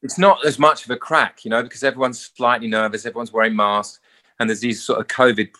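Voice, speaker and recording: This interviewed actor talks fast at a medium pitch, telling stories in a relaxed chat and playing out each character's lines with animation.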